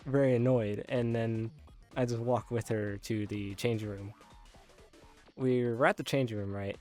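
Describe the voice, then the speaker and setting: A young male content creator casually retells a dream, rambling with many filler words and laughing often. His voice is medium-pitched with a darkish tone.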